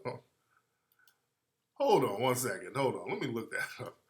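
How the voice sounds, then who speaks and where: A man hosts a radio talk show in a loose, slangy, rambling way, often trailing off mid-thought. His voice sits a little high and sounds bright and forward. The room around him is echoey. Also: sing-song, measured pace, pauses often. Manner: slangy, rambling, trails off while looking things up. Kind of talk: casual commentary to listeners.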